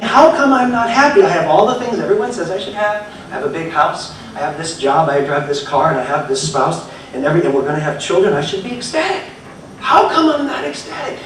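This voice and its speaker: A man's voice: high-pitched, expressive, fairly quick, a bit bright. A man voicing an unhappy young woman who pleads and questions herself in confusion. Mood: despairing. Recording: echoey hall from far off, faint noise.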